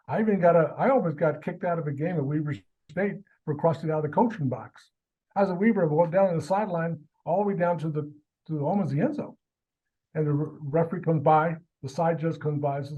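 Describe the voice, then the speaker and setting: A man, a high school athletic director, telling stories as a guest in a casual interview and acting out the people in them. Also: quick pace, breathy edge, phone-quality sound. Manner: animated, acts out the people in his stories.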